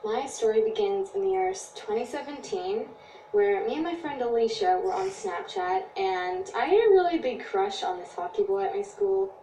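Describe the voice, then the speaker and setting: A woman's voice: on the high side, big pitch swings, normal speed, dark tone. A teenage girl narrating a personal story about school in an earnest, confiding way. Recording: echoey, distant, slight noise.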